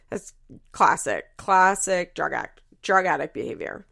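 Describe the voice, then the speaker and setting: A woman's voice: on the low side, wildly swooping pitch, slow pace, creaky, long pauses, fairly bright tone, no room sound, studio quality. A woman recapping a reality show in casual chat, blunt and profane, often laughing.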